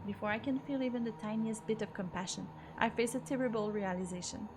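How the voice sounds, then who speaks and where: A woman streamer narrating a visual novel in first person, expressive with occasional asides. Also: a little high, fast, noisy background. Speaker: let's play streamer.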